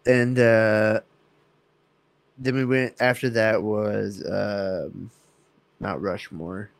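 A man's voice: on the low side, little pitch movement, drawn-out words, gravelly, no echo. Profane laughing man telling a road story. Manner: profane, laughing, acts out quoted people. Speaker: podcast co-host. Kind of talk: casual storytelling chat.

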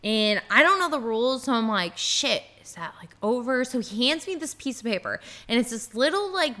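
A woman in her thirties, a podcast co-host, telling a story in casual chat, animated and swearing freely, with lots of "like". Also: fairly high pitch, normal speed.

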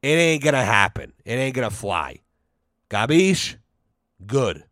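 A man hosts his own podcast and rants in a heated, profane, mock-outraged way. His voice sits at an ordinary middle pitch. The recording is close and dry with no room sound. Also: big pitch swings, moderate pace, sharp tone, no echo. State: sweating from heat. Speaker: podcast host. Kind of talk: casual solo podcast rant.

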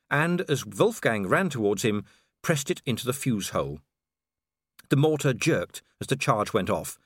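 A man narrating an audiobook in an expressive storytelling manner. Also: mid-range voice, no room sound, studio quality.

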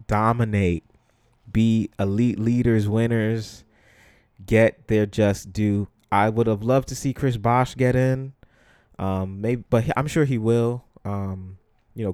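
A podcast host from the Bronx, New York, does casual solo commentary, blunt and conversational, full of ums and you-knows. His voice is fairly low and a little mellow, with a clean tone and dry, clean studio sound.

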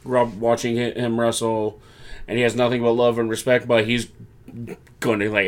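A man's voice: medium pitch, little pitch movement, moderate pace. A man casually recapping a wrestling show, breaking into mocking voices to quote the wrestlers. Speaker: podcast co-host.

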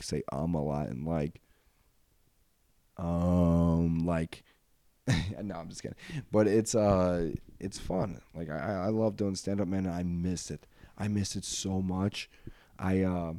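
A young man with a low, mellow voice hosts a podcast alone and rambles through stories, filling gaps with frequent ums and uhs. The sound is dry and close, with no room around it. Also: no room sound. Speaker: podcast host. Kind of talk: rambling solo podcast chat.

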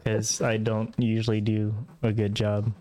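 A man co-hosting a podcast in casual chat, explaining in a relaxed way with lots of fillers. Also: lowish voice, a little slow, clear, resonant tone. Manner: relaxed, explains with many fillers and repeats "pretty much". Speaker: podcast co-host.

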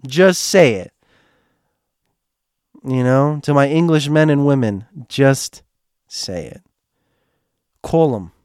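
A man with a hoarse, strained throat telling a personal story in a casual monologue, rambling and restarting, heartfelt with bits of joking. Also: mid-range voice, lively intonation, slow pace, long pauses, a little mellow, no echo, studio quality.

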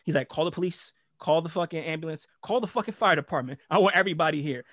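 A man's voice: on the high side, fast, a bit bright, no echo, studio quality. A young man from New York with a New York accent, telling a prank story in a casual, profane, slangy chat and acting out the voices. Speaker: guest storyteller.

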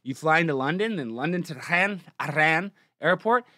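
A young man from Texas hosting a comedic news show, reading headlines and mocking them with sarcastic, excitable riffs. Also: a little high, normal speed, dry recording, clean studio sound. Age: young adult. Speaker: podcast host.

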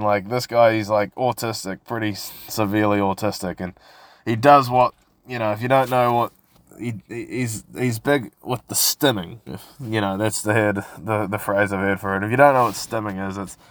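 A man's voice: lowish voice, steady tone, moderate pace, no room sound. A man hosting a casual solo podcast, rambling and swearing as he tells stories. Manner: rambling, sweary, laid-back storytelling. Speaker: podcast host.

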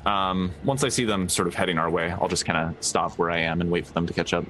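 Deep-voiced man planning aloud. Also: fairly even intonation, quick pace, fairly bright tone, a little hiss or hum, low-quality recording. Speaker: player. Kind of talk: casual tabletop game talk.

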